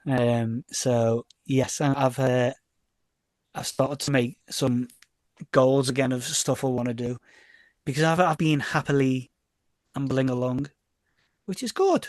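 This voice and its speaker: A man's voice: medium pitch, moderate pace, dry recording. A middle-aged man from Liverpool with a Scouse accent, chatting as a guest in a casual interview, rambling and correcting himself as he tells stories. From Liverpool, England. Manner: rambling and self-correcting, often repeats words; lively storyteller who acts out quoted exchanges. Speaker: DJ and label owner, podcast guest.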